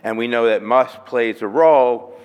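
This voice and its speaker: A man's voice: medium pitch, moderate pace, smooth. A man giving a methodical, explanatory lecture at a medical conference, walking through his slides step by step. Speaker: physician presenting at a medical conference. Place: hotel conference room. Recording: reverberant conference hall.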